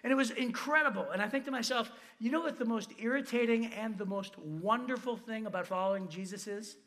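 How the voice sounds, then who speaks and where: A man preaching with a high voice and a quick, rushing delivery. He tells a story with lots of animation and acts out the other voices himself, laughing at his own mishaps. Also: fairly bright tone. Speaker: pastor. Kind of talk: sermon storytelling.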